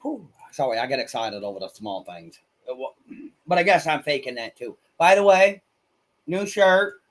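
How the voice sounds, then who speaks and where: A man streaming live, chatting casually with viewers in a blunt, crude and excitable way. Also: mid-range voice, normal speed. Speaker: livestreamer. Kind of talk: casual livestream chat.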